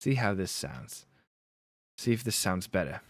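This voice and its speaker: In a clean studio recording without echo, a man speaks in a low, sing-song voice at an unhurried pace. He's hosting a livestream, chatting casually with viewers about accents while laughing at his own expense.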